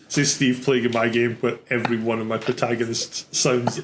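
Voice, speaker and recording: A man's voice: mid-range voice, little pitch movement, fairly quick, background noise. A man co-hosting a podcast in casual chat, teasing his friends and laughing often. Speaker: podcast co-host.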